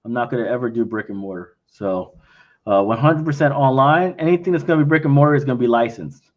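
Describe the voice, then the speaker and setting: A man's voice: mid-range voice, fast talker, lo-fi sound. A man answering investor questions in a casual livestream, talking bluntly and frankly, often acting out both sides of conversations. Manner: blunt and frank, acts out quoted exchanges.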